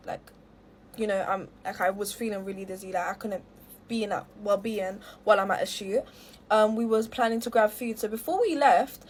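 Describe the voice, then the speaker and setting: A woman's voice: on the high side, slight background noise. A young woman telling an aggrieved story to camera, rambling with plenty of fillers. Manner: rambling, heavy filler use, aggrieved retelling. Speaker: storytime creator.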